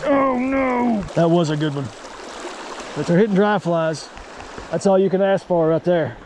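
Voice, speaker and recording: Brief: young man, casual outdoor vlogger, high voice, folksy exclamations, faint stream noise. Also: unhurried, a little mellow. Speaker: fly fishing vlogger. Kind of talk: casual outdoor vlog narration. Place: outdoors by a mountain creek.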